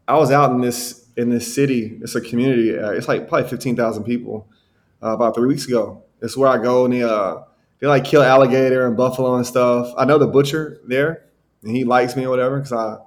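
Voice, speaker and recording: A man from Alabama, telling casual stories as a podcast guest. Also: mid-range voice. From Alabama, USA. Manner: animated storyteller, acts out quoted people, says bro and like. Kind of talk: casual storytelling.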